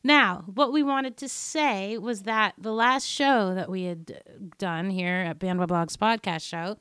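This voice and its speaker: An American woman from New England co-hosts a casual podcast in a chatty way and laughs easily. Her voice is smooth and clear, with a middle pitch, on a dry recording. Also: unhurried, fairly bright tone, no echo. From New England, USA. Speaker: podcast co-host. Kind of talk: casual chat.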